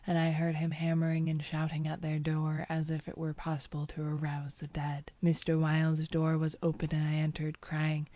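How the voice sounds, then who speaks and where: A woman narrating an audiobook in the first person, her reading measured and even. Her voice sits low and mellow with very little rise and fall. The recording is dry and close. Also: no echo.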